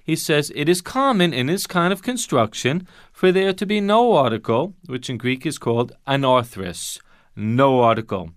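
A man's voice: mid-range voice, expressive, moderate pace, no room sound, studio quality. A man teaching Bible Greek grammar in an emphatic way, asking rhetorical questions and repeating his key points.

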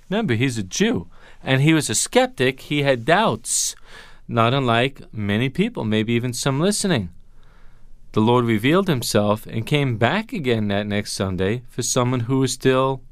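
Smooth-voiced emphatic male Bible teacher. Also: medium pitch, no room sound, studio quality. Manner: emphatic, drawn-out stresses on key words; patient step-by-step explaining.

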